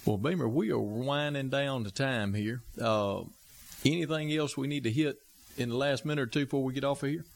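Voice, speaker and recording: Brief: male host with a gravelly voice, easygoing and steering toward the close of the show. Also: mid-range voice, a little fast. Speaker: podcast host. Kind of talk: casual chat.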